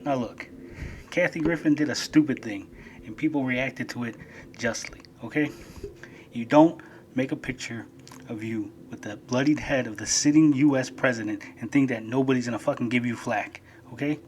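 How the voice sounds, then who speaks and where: A man's voice: mid-range voice, moderate pace, slight background noise. Profanity-heavy ranting man. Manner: profane, heated, emphatic. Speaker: YouTuber. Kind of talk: angry rant.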